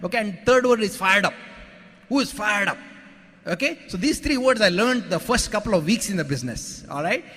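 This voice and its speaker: A man giving an animated, joking motivational speech to a conference audience, acting out his own quotes and checking in with "okay?". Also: sits high, brisk, in a large hall. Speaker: motivational speaker at a business conference. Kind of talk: storytelling speech to a live audience.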